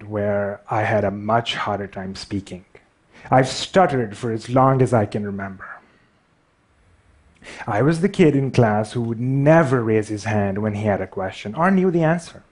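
A man's voice: medium pitch, moderate pace, darkish tone. A man with a Pakistani accent giving a wry, self-deprecating storytelling talk on stage. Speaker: speaker.

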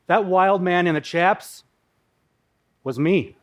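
Storyteller: man from Minnesota, a bit high-pitched, dramatic and wry in his personal story. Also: unhurried. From Minnesota, USA. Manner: vivid, dramatic, with playful asides.

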